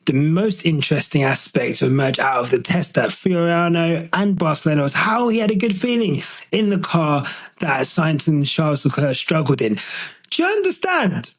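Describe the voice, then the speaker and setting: A young man from the UK hosting a solo podcast, talking in an animated, slangy, swear-filled and excitable way. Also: on the high side, normal speed, low-quality recording. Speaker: podcast host.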